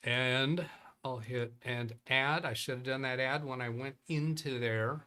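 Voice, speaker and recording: A man's voice: mid-range voice, measured pace, pushed and bright. A man hosting a live computer-help stream in casual chat, rambling and thinking aloud as he reads viewer emails. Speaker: host of a live Windows help show.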